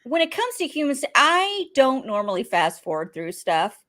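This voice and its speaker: Lively woman in her forties. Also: high-pitched, moderate pace. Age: 40s. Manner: animated, laughing, theorizing aloud. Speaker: podcast host. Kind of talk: casual recap chat.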